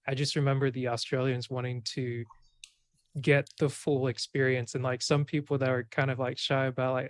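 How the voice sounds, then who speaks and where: A man's voice: medium pitch, level tone, moderate pace, dry recording. A man hosting a podcast, chatting casually and rambling with many filler words. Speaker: podcast host.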